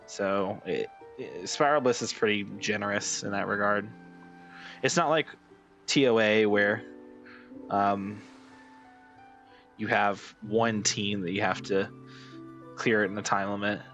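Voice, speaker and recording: Rambling low-voiced male streamer. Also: measured pace, pauses often, soft background music. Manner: rambling, many "like" fillers and restarts; gets excited and higher when amused. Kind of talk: casual chat with live chat while gaming.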